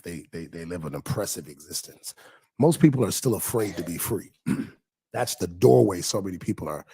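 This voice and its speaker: A husky-voiced man talks loosely on a livestream as a pastor. He is animated and repeats his points, stopping to read viewer comments aloud. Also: low-pitched. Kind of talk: casual livestream chat.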